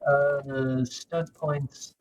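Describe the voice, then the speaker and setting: A man's voice: mid-range voice, little pitch movement, very slow, lo-fi sound, slight background noise. Casual male tabletop player. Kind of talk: tabletop game chat.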